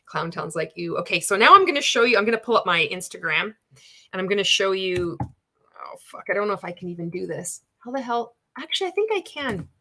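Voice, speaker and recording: Bright-voiced woman with blunt, swearing commentary. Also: medium pitch, a little fast, slight background noise. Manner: blunt, swears freely, reads out chat comments; candid and animated, laughs often. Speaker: livestream host. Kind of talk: casual livestream commentary.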